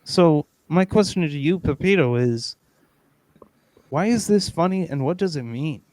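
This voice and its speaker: A male podcast host with a fairly high voice, talking in an unhurried, drawn-out way. He is playful and mock-earnest, jumping into loud excited bursts. The recording is dry and close. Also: no echo. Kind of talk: casual comedic chat.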